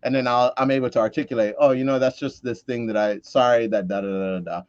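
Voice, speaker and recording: Brief: male co-host, mid-pitched, earnest conversational podcast chat, dry lo-fi sound. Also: steady tone, fast talker, darkish tone, no echo. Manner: reflective, earnest, with restarts and quoted asides.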